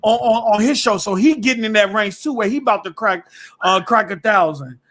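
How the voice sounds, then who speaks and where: A man's voice: high-pitched, a little fast, fairly bright tone, dry recording. A man co-hosting a gaming podcast, talking casually in laid-back slang. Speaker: podcast co-host. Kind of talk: casual chat.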